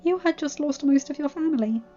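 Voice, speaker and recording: A woman reading as a spirited young noblewoman, her voice lifting high and emphatic. The sound is dull and lo-fi. Faint music plays behind her. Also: a little fast, warm tone, close to an everyday voice. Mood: earnest. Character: young noblewoman, gentle and remorseful, then spirited.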